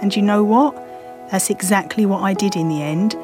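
A woman's voice: mid-range voice, normal speed, darkish tone, soft background music. A middle-aged woman from London with a Cockney accent, telling a first-person story in a wry, self-mocking way. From London, England.

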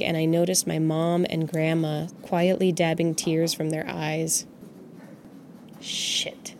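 A woman's voice: lowish voice, darkish tone, slight background noise. A woman in her twenties from Montana, narrating a personal story for her podcast in a reflective, candid, wry way. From Montana, USA. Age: 20s. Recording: clear music playing behind the voice.

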